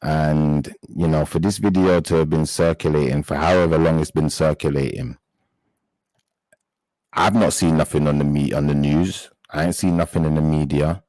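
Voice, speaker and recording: A man hosting a live stream chat, talking straight to his viewers in an indignant, halting way and often reaching for words. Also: extremely low pitch, fairly even intonation, darkish tone, no echo, low-quality recording.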